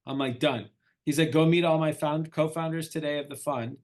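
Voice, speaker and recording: A man's voice: a little high, normal speed. Middle-aged man telling a story animatedly. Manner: animated storyteller, acts out quoted dialogue. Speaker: entrepreneur guest. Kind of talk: casual interview storytelling.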